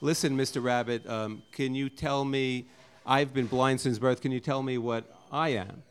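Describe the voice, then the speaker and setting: A man's voice: medium pitch, steady tone, moderate pace, clear, resonant tone, natural voice. Brief: laid-back blind snake, matter-of-fact, done by a man telling a joke. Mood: easygoing. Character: easygoing blind male snake. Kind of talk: joke told at open mic.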